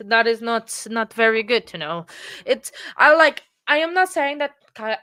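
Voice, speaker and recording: A woman hosting a true crime livestream, talking casually with many pauses, fillers and restarts. She moved to England from abroad. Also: medium pitch, fairly bright tone. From from outside England.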